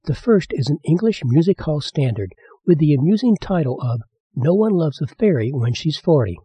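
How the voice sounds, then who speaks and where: A man's voice: fairly high pitch, very animated, normal speed, warm tone, husky, no echo. A man hosting a radio show, casually introducing old records in an easygoing, dry way. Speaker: radio host.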